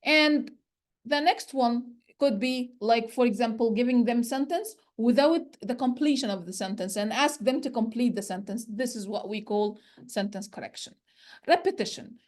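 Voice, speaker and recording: A woman with a somewhat high voice gives a teacher-training lecture. She lays out each point in order, often starting with "so". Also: moderate pace. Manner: explains step by step, often starting with "so".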